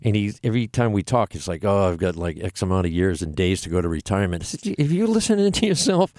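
A man, an actor, telling stories in a lively, animated way during a casual interview. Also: fast, dry recording, studio quality. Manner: lively, animated storyteller with laughs and big pitch jumps. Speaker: guest, actor and former flight attendant. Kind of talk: casual storytelling.

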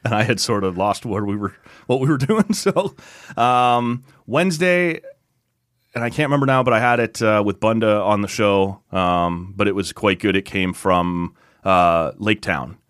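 A man's voice: on the low side, normal speed, clean tone, dry recording, studio quality. Laid-back man rambling about beer. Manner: relaxed, rambling, full of fillers. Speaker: podcast co-host. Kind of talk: casual beer-tasting chat.

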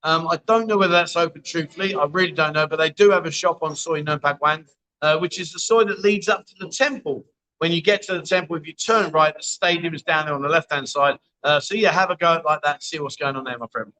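A man's voice: a little high, fast talker, bright, forceful tone, low-quality recording. A man hosting a casual livestream from a bar, reading out viewer comments in a chatty, matey way. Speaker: livestream host. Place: bar, indoors.

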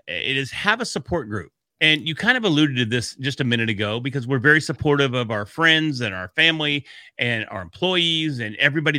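Bright-voiced upbeat male podcast co-host. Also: mid-range voice, dry recording. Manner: upbeat, joking, easily laughing. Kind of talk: casual podcast chat.

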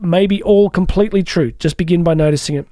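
Male podcast host, dry close sound, warm dark timbre, conversational coach with frequent asides. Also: sits high, brisk, no room sound. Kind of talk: reflective podcast talk on personal growth.

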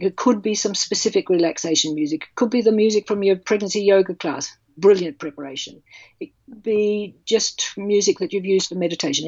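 A woman's voice: medium pitch, darkish tone, dry recording, muffled recording. A woman, speaking passionately and bluntly as a childbirth educator in an interview. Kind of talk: podcast interview.

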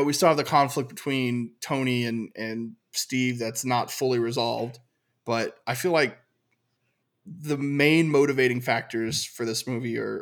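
Man, podcast co-host, casual chat, hesitant, thoughtful, ordinary pitch. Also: gravelly. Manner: thoughtful, hesitant with many ums.

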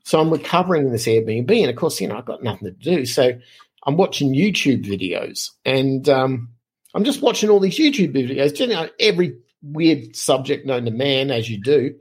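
Middle-aged Aussie male podcast guest, slightly raspy, chatty animated storyteller. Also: mid-range voice, moderate pace. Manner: animated, lively anecdotes with frequent fillers. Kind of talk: casual storytelling.

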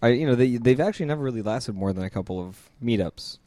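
A man's voice: mid-range voice, animated, quick pace, warm tone. A man as a podcast guest in casual chat, hesitant and restarting his sentences. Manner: hesitant, many fillers and restarts.

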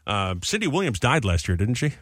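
Fast-talking bright-voiced male radio host. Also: mid-range voice, big pitch swings, dry recording, clean studio sound. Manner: chatty, reads birthday list and listener mail. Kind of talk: casual radio talk. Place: radio studio. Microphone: studio microphone.

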